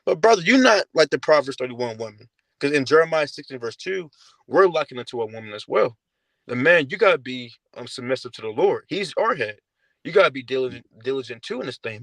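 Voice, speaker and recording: Male speaker, mid pitch, slangy and casual, dry close mic. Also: animated, quick pace, fairly bright tone, no echo, low-quality recording. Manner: casual, slangy, ends lines with "man". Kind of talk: scripture teaching.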